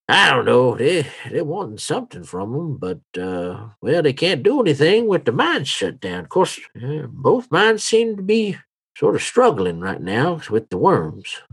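A man's voice: on the high side, a bit bright, slightly rough, pitched above the performer's own voice, exaggerated voice. A man voicing a shifty old male con-man merchant who rambles in a hesitant, folksy way.

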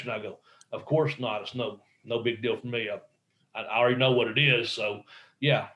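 A man's voice: medium pitch, steady tone, normal speed, a bit bright, dull audio. A middle-aged man, a guest in an interview, telling a rambling story with swearing and quoted dialogue. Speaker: guest, wrestler. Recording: roomy echo.

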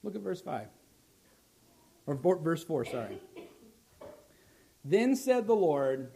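Pastor, male, somewhat high voice, preaching with swelling then hushed emphasis. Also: very animated, creaky, slightly rough. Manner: preaching with rising emphasis, then dropping soft and slow. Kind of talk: sermon.

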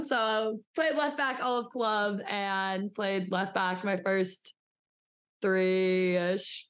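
A woman's voice: medium pitch, a bit bright. A young woman co-hosting a sports podcast, telling candid, self-mocking stories in a chatty way. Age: young adult. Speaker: podcast co-host. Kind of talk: casual podcast chat.

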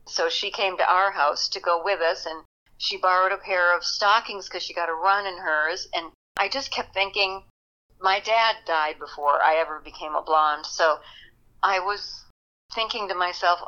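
Older woman reminiscing with bright energy. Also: lowish voice, moderate pace, highs cut off. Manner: animated, reminiscing, laughs often. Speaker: actress guest. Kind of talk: interview storytelling.

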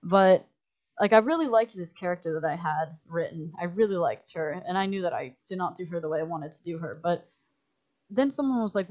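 A woman chats on a podcast in a low-pitched voice, spinning animated stories full of fillers and quoted dialogue. The audio is dull and lo-fi, like a budget podcast recording. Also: a little fast. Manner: animated storytelling, many "like"s, acts out quotes. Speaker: guest filmmaker. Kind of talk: casual podcast chat.

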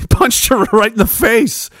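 A Canadian man in his forties, a podcast host telling wild stories in a profane, animated way, laughing often. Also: very high-pitched, takes it slowly, no echo, studio quality. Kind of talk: casual storytelling.

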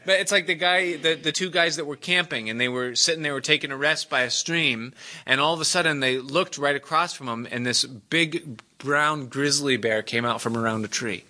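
A man's voice: fairly high pitch, normal speed, bright, forceful tone. A man preaching a sermon in a conversational way, explaining scripture, telling stories and chuckling between points. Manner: conversational, chuckles often, tells jokes and stories.

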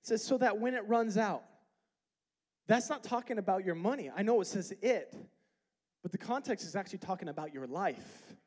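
High-voiced man preaching a sermon. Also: lively intonation, normal speed. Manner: emphatic preaching that rises to loud, high peaks; quotes and explains scripture with rhetorical questions. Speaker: pastor.

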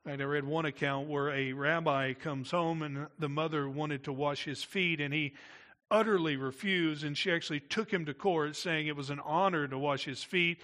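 Middle-aged male pastor, slightly high bright voice, chatty sermon delivery with asides. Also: normal speed. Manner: conversational, asides to the congregation.

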